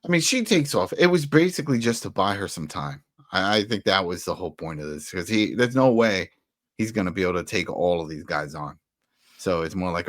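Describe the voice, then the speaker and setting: A man co-hosting a casual TV episode review, animated and quick to laugh, acting out scenes as he talks. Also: low-pitched, dry recording, clean studio sound. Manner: animated, laughs a lot, acts out scenes in quoted voices. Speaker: podcast co-host reviewing a TV episode. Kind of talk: casual chat.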